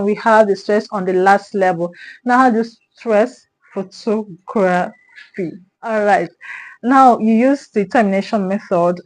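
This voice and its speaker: A woman's voice: medium pitch, darkish tone, low-quality recording. A woman teaching an exam prep lesson on word stress. She repeats key words and keeps checking in with "okay?". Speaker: online English tutor.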